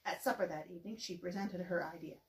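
A woman telling a children's church story in a gentle, expressive way. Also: on the low side, quick pace, roomy sound, low-quality recording.

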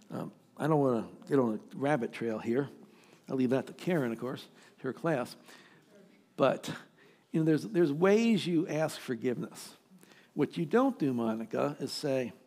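Exhorting older pastor preaching a sermon. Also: male voice, fairly high pitch, expressive, a little mellow. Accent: American. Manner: emphatic, exhorting, with dramatic pauses and quoted asides. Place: church sanctuary.

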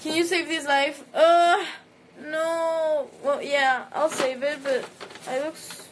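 A woman's voice: sits high, steady tone, slow pace, a little hiss or hum, rough recording. A young woman with a Mexican accent whose first language is Spanish, chatting casually into a phone and reading out fan comments, laughing often. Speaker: livestreamer answering fans.

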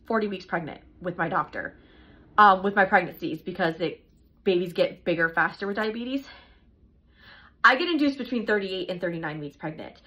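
A woman's voice: mid-range voice, bright, forceful tone, highs cut off. A young woman chatting through a casual vlog update, rambling and repeating herself, a little out of breath. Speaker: vlogger.

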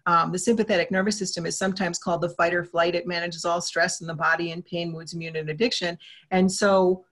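Animated talkative woman interview guest. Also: on the low side, fast talker. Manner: animated, talkative, acts out quoted exchanges. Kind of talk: casual interview talk.

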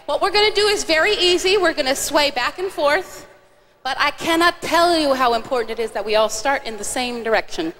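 A high, bright woman's voice guides kids through a song in cheerful live-stage banter. Her stage mic rings out into a big church hall with a long reverb tail, and a faint audience murmur sits underneath. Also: animated, fairly quick, slight background noise. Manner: cheerful, coaxing, directing children. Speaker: singer leading a children's song on stage. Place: large church auditorium.

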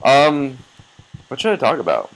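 A man's voice: medium pitch, wildly swooping pitch, a little slow, poor audio. Rambling teenage guy swearing at a game. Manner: rambling, swears and yelps when startled. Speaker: gameplay commentator. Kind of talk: casual gameplay commentary.

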